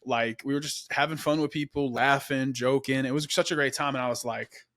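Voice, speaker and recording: A man's voice: mid-range voice, fairly even intonation, brisk, fairly bright tone, no echo, studio quality. A young man hosting a podcast, telling his story in a casual, laid-back way, often saying "man" and "dude". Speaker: podcast host.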